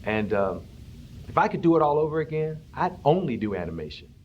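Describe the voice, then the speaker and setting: A man's voice: a little high, big pitch swings, fairly quick, highs cut off, a little hiss or hum. A man from Cleveland giving wry, joking interview answers. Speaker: voice actor interviewee.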